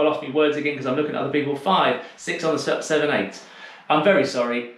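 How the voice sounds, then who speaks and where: A man's voice: on the high side, fast, a bit bright, distant mic. A man teaching a dance class over a video call, calling out steps and chatting with a teasing manner. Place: home room on a video call. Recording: very echoey room.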